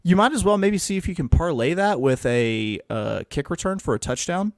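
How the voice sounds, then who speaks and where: A man's voice: on the high side, expressive, normal speed, no echo, clean studio sound. A man co-hosting a casual sports betting podcast, joking and quizzing his co-host as he reads out his picks.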